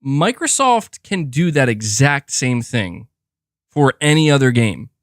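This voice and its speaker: A man's voice: mid-range voice, very animated, measured pace, no echo, clean studio sound. A young man ranting profanely and with exasperation while commenting on gaming news on a livestream, often repeating himself.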